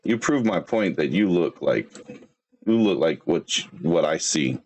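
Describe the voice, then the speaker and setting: A man hosting a livestream, roasting other streamers in brash, swearing, fast bursts. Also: low voice, lively intonation, darkish tone, slight background noise. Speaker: livestream host.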